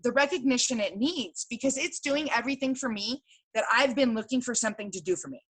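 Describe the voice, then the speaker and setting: A young woman excitedly telling a sales story, acting out both sides of her conversations in casual chat. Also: on the high side, quick pace, breathy edge, poor audio. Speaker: guest sharing sales story. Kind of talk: casual storytelling to a team call.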